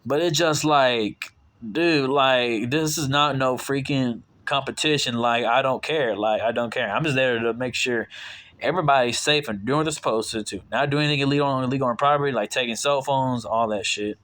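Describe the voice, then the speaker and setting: A man's voice: normal speed, a bit bright. Young guy, casual rambling storyteller, exasperated asides. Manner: rambling, frequent fillers and restarts, exasperated asides; voices his own quoted retorts in a sharply raised pitch. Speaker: vlogger telling a work story.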